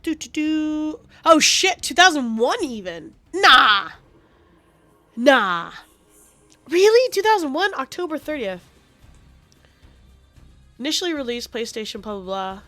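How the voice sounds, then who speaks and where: A woman's voice: high voice, very animated, measured pace, pauses often, pushed and bright, no room sound, faint music behind. A woman streaming a game, chatting casually in a rambling, profane and passionate way. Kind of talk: casual gaming stream chat.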